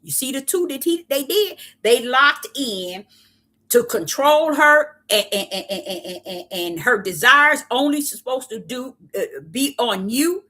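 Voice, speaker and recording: A woman preaches an impassioned Bible teaching in a fairly high, bright, forceful voice. She drives each point home with repetition and pointed rhetorical questions, in a steady preacher's cadence. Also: measured pace, few pauses. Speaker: self-styled prophetess preaching.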